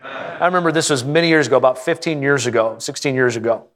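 A man preaching a sermon to his congregation in a folksy, joking way, often asking them questions and stressing key phrases slowly. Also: mid-range voice, fairly bright tone. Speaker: pastor.

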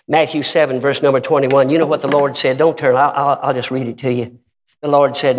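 A man's voice: mid-range voice, little pitch movement, a little fast. Fervent preacher man, echoing hall. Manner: fervent, bursts into shouted praise, repeats emphatic questions. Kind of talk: revival sermon. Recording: long reverb of a large hall.

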